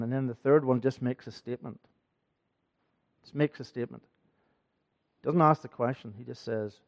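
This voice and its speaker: A man's voice: mid-range voice, normal speed, darkish tone. Earnest preaching man, dull lo-fi recording. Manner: earnest preaching, building in force, repeats phrases. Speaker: pastor. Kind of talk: sermon. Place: church.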